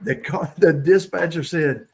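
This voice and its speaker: A man's voice: on the high side, measured pace, gravelly, slight background noise, poor audio. A man hosting a casual hangout and telling rambling police stories, laughing as he goes. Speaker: host. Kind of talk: casual storytelling, police anecdotes.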